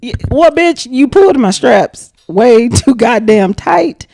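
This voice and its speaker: Animated, profane young woman storyteller. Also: fairly high pitch, takes it slowly, creaky, no echo, clean studio sound. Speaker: podcast guest. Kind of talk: casual storytelling.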